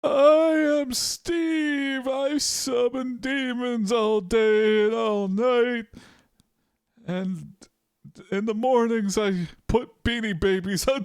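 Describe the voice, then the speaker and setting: Steve, an airy ethereal being. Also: male voice, smooth, no room sound, clean studio sound, exaggerated voice. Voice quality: high, airy, drawn-out. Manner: slow, singsong, otherworldly. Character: ethereal jellyfish-eyeball male being, weary.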